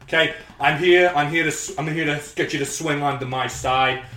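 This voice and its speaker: A man's voice: on the high side, steady tone, moderate pace, sharp tone, roomy sound, distant mic. A man doing a blustering boastful politician. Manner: boastful, repetitive catchphrases. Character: blustering impression of a male presidential candidate. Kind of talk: improvised comedy podcast.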